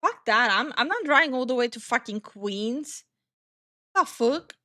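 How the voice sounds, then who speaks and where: A woman's voice: sits high, lively intonation, a little slow, pushed and bright. A young woman streaming live from New Jersey, reading chat aloud, who stutters and swears freely while reacting to her viewers. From New Jersey, USA.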